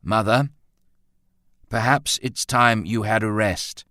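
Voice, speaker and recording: A man's voice: fairly low pitch, fairly quick, no room sound, clean studio sound, pitched above the performer's own voice, close to an everyday voice. A man playing a firm, decisive grown son. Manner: even, almost severe, commanding.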